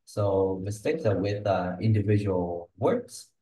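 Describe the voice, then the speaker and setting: Guy tutoring english speaking one on one, low mellow voice, keeps going "yeah? okay?", echoey room. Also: expressive, unhurried. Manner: coaching, models pronunciation, checks in with "yeah?" and "okay?". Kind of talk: one-on-one pronunciation feedback.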